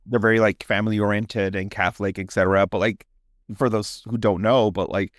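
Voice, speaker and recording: On the low side with fairly even intonation, this man talks briskly as co-host of a horror podcast, laughing often and peppering casual chat with "like." He also delivers dramatic ghost-story narration, recorded in clean studio sound with no echo.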